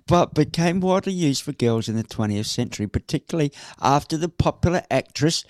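A man's voice: a little high, animated, normal speed, darkish tone, no room sound. Chatty guy hosting radio, bouncy up-and-down voice, lots of uhs and laughs, dry sound. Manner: chatty, laughs often, many fillers. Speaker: radio host. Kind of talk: casual chat. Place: teaching in New York City.

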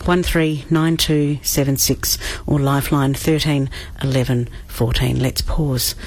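A man's voice: medium pitch, steady tone, a little slow, slightly rough. A man hosting a community radio program, speaking steadily and reading out helpline numbers.

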